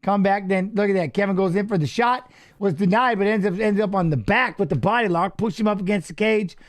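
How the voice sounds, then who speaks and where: A middle-aged man hosting a fight watch-along, chatting casually and coaching the fighters aloud with excited calls. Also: high voice, brisk. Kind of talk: casual live fight commentary.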